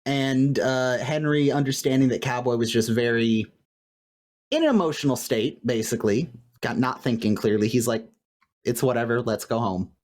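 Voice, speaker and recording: A man co-hosting a podcast in casual recap chat, animated and laughing often as he quotes lines. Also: mid-range voice, normal speed. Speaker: podcast co-host. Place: home room with light fan noise.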